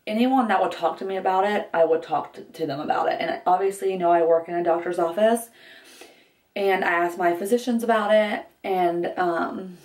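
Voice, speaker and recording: A young woman chats candidly to her camera, circling back often with fillers and restarts. Her voice sits on the low side. The sound is roomy and echoey, with her a little away from the mic. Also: moderate pace, a little mellow, far from the mic. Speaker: vlogger. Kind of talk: get-ready-with-me vlog. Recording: echoey room, voice a bit off-mic.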